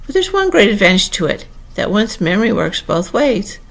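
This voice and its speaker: A woman reading aloud, voicing a fussy, flustered old queen who breaks into shrill wailing cries. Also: big pitch swings, moderate pace, vocal fry.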